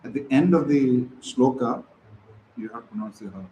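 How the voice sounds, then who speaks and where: Man, class speaker, slow call-and-response reading, echoey hall, light hiss. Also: mid-range voice, warm tone, muffled recording. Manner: recites each word slowly for the hall to repeat.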